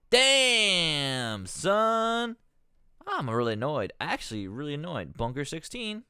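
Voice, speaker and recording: A man's voice: mid-range voice, bright, forceful tone, clean tone, no room sound, clean studio sound. A man streaming live, swearing and ranting with exasperation, rambling and cutting himself off as he talks. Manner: rambling, self-interrupting.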